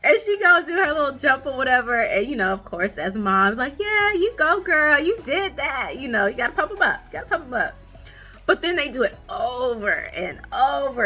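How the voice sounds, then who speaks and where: A young woman who hosts a podcast about her twin toddlers chats and tells stories casually at a fairly quick pace, laughing often, with soft music behind her. She's animated, using high, playful voices when she quotes her kids.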